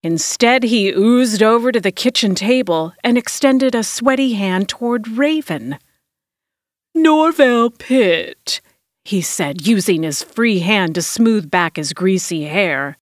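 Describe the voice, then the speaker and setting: A woman narrates a first-person tale in an audiobook reading. Her delivery is dramatic and expressive, with a voice that rises and falls freely. The recording is dry and close, with no room sound. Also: medium pitch, measured pace, hardly any pauses, no echo.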